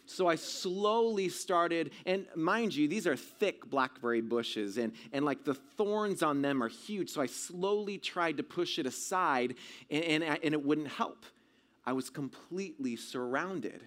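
Pastor, male, sermon storytelling; somewhat high voice, swings from shouting to hushed. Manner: dramatic, swinging from loud shouts to hushed tones.

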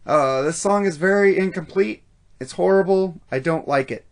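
A man's voice: high voice, moderate pace. A man co-hosting a casual album review podcast, blunt and profane, laughing often. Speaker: podcast co-host.

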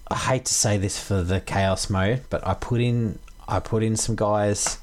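A man's voice: fairly low pitch, steady tone, a little slow, a little mellow. Matey man hosting a podcast. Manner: matey, upbeat, calls everyone mate. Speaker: podcast host. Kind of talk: casual podcast chat.

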